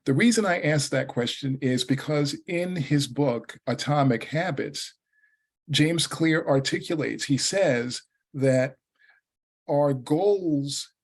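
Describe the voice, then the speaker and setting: A man on a video call hosting an online speaking club meeting, measured and courteous. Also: mid-range voice. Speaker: meeting host.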